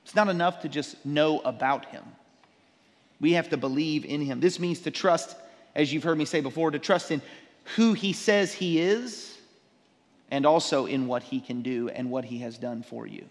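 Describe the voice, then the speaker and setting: A man preaching a sermon as a pastor, animated, acting out the people in his story. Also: a little high, moderate pace, big-room sound. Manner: animated preaching, acts out disciples' sarcasm.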